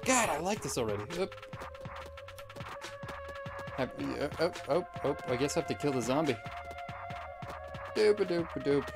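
Animated man rambling over a game. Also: fairly high pitch, normal speed, vocal fry, long pauses, over music. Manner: rambling, deadpan absurd jokes. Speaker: gamer. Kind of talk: let's play commentary.

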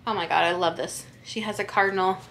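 A young woman with a bright, forceful voice chats casually to camera as a vlogger. She reads holiday cards aloud and gushes over each one, effusive and quick to praise. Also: on the low side, steady tone, slight background noise. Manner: gushing, effusive.

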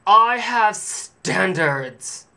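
A man's voice: high voice, animated, gravelly, sharp tone, voice pushed up, exaggerated voice. A man putting on a snooty saleswoman voice. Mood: haughty. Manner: prissy, condescending, drawn-out. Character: snobby haughty female store clerk.

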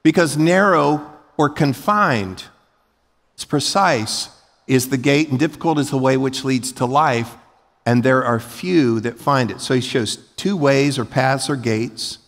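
Man, pastor, emphatic sermon, mid-pitched voice, long church-hall reverb. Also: unhurried, vocal fry. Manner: emphatic, rising to loud peaks; folksy, acts out short everyday scenes. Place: large church sanctuary.

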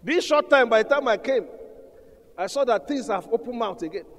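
A man preaching an emphatic sermon, calling out to his congregation. His voice sits high. The sound carries a long reverb from a large hall. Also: lively intonation, brisk. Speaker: pastor.

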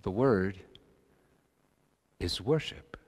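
A middle-aged male pastor preaching a sermon, swinging between loud emphatic lines and hushed low phrases. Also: lively intonation, very slow, husky. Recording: long hall reverb.

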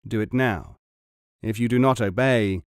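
A man playing a cold, deliberate resistance leader. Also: lowish voice, clear, resonant tone, dry recording, studio quality. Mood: menacing. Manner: slow, deliberate, menacing.

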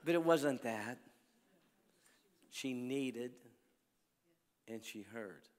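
A man preaching at a healing crusade, telling stories and swinging between loud calls to the crowd and hushed lines. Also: medium pitch, extremely slow. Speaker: evangelist preacher. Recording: long hall reverb.

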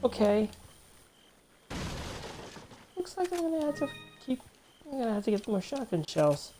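A woman with a high, widely swinging voice talks slowly through a video game, blurting out curses and exasperated complaints. Faint noise sits under the recording. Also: big pitch swings, mellow. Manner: swearing, exasperated outbursts at the game. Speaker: gamer. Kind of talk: casual let's-play commentary.

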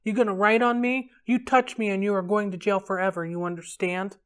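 A woman's voice: medium pitch, steady tone, a little fast, clean tone, natural voice. Woman voicing a growling bully stepfather. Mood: menacing. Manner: sneering, threatening. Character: gruff bullying middle-aged stepfather, crude.

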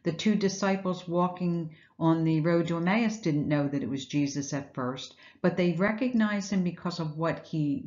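A woman's voice: sits low, darkish tone, muffled recording. A woman giving an earnest, reflective Easter devotional message, retelling scripture and asking rhetorical questions. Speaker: Bible teacher.

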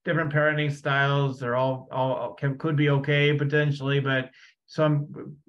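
A man's voice: medium pitch, level tone, moderate pace. A man hosting a spiritual podcast, talking in a rambling, casual way with many restarts. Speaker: podcast host. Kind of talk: casual conversation. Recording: dull lo-fi sound.

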